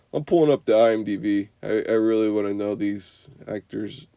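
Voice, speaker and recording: A man's voice: fairly low pitch, moderate pace, dark tone, smooth, no echo. A young man giving an unscripted, profane movie review rant, rambling with constant "you know" and "like".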